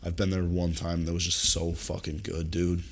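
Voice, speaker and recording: Young male podcast co-host with a low voice. Animated storyteller who jumps up high to act out his panic. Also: normal speed, a little hiss or hum. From US East Coast. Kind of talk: casual storytelling chat.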